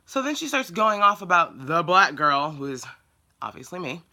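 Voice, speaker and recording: Blunt, exasperated woman vlogger telling a story. Sharp, bright tone. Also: on the low side, very animated, moderate pace. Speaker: dog groomer. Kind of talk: casual storytelling vlog.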